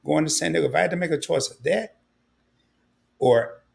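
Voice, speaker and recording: A man's voice: on the high side, moderate pace, creaky, a little mellow. An older man hosting a livestream, talking candidly and a bit rambling, with emotion coming through. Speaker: livestream host. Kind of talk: casual livestream talk.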